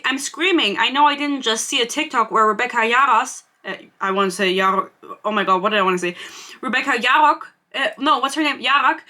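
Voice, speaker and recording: A woman's voice: medium pitch, sharp tone. A young woman hosting a casual book-gossip podcast, chatty and self-mocking, swearing freely. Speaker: podcast host. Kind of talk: casual chat.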